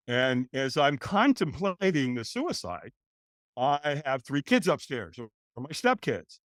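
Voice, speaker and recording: A man's voice: medium pitch, a little slow, no room sound, clean studio sound. Older man telling his story animatedly. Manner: animated, acts out voices in his stories. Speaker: guest. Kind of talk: storytelling interview.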